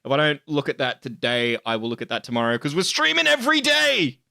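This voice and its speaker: A man's voice: a little high, very animated, quick pace, vocal fry, bright, forceful tone, dry recording, clean studio sound. A man, hosting a live stream in casual chat, swearing and joking with frequent laughs. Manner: profane, joking, laughs often. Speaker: streamer host.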